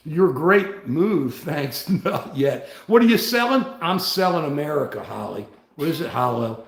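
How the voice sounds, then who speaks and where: A man's voice: mid-range voice, vocal fry, echoey room. A man hosting a casual livestream, talking in a worked-up way and reading out viewer comments. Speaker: livestream host.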